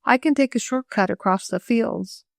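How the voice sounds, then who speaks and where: A woman's voice: moderate pace, creaky, no room sound. A woman voicing a shy, tearful teenage girl who stammers and hesitates, in an audiobook reading. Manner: stammering, hesitant, low-voiced.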